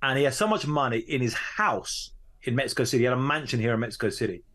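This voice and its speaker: Guy journalist telling a story in an interview, middle-pitched voice, speeds up then drags it out. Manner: animated storyteller, pace swinging fast and slow. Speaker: journalist guest.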